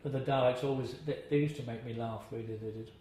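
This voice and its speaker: A man's voice: mid-range voice, steady tone, fast talker, dark tone. An older man being interviewed, telling chatty anecdotes about his acting days, chuckling and now and then imitating voices. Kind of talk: anecdotal reminiscing. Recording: very echoey room, faint hiss.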